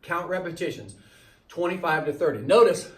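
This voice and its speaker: While doing the exercises himself, a male fitness trainer coaches a circuit workout with repetitive cues on form and timing, sounding slightly winded. His voice leans high and animated at a moderate pace, and the distant recording carries room echo.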